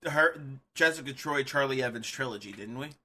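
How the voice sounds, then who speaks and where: Young man, casual podcast chat, excitable, laughs a lot, swears, very bright voice. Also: medium pitch, a little fast. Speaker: podcast co-host.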